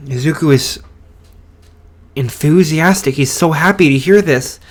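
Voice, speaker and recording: A man telling a fan story at an unhurried, drawn-out pace. He hesitates often and fills the gaps with fillers, restarting his sentences as he goes. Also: a little high. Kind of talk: casual fan story narration.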